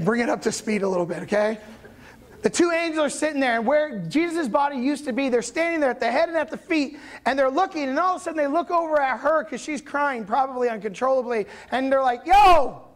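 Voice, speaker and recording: Lively conversational male pastor. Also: very high voice, a little fast. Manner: lively conversational storytelling, sudden loud bursts. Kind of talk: sermon.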